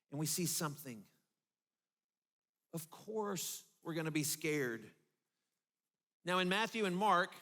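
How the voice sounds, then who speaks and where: A man preaching a sermon as pastor, telling the story vividly with dramatic pauses and dropping low for emphasis. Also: sharp tone. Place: church.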